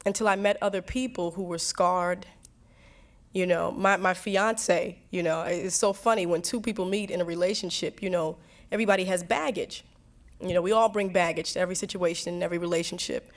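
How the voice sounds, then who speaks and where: A young woman answering students' questions in a candid talk, animated and laughing, acting out quotes as she tells stories. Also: fairly low pitch. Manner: animated storytelling, acts out quotes; warm, frequent laughs and restarts.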